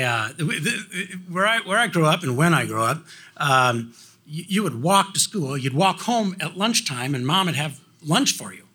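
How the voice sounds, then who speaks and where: An older man telling a personal story in a halting way, often repeating words. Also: medium pitch, sharp tone, breathy edge. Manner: halting, repeats words, acts out quoted voices. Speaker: guest speaker.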